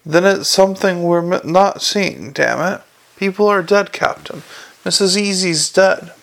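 A man doing a gruff, growling police commander. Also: high voice, measured pace, heavily acted. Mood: angry. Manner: growling, clipped and forceful. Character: gruff, weary male police commander, angry.

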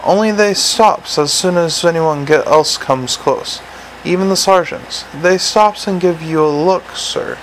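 A man voicing a slow, stolid older male sergeant with earnest, plodding, working-class speech in an audiobook. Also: on the high side, slight background noise, lightly acted, poor audio. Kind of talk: audiobook character reading.

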